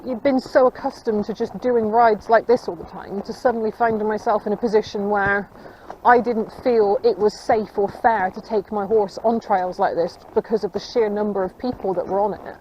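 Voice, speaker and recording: A woman's voice: mid-range voice, steady tone, moderate pace, a little mellow. A woman rambling casually to her viewers and her horse while riding a countryside trail, recorded on a camera mounted on her. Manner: rambling, chatty, talks to her horse between asides. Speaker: equestrian vlogger. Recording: slightly dull audio with faint outdoor noise.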